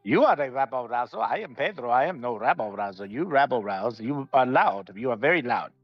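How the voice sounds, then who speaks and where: A man voicing a loud, blunt adventurer in a tabletop game, speaking in stilted, broken phrases. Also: medium pitch, animated, fairly quick, dry recording, lo-fi sound, soft background music, close to an everyday voice. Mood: insistent.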